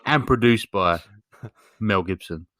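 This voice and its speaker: A fairly low-voiced man recaps a film for his podcast co-hosts, meandering through the plot with frequent ums and crude asides. His voice sits close and dry on the mic, with no room sound around it. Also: a little slow, fairly bright tone, no room sound. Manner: rambling storyteller with lots of fillers and swearing. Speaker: podcast co-host. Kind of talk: casual comedic film recap.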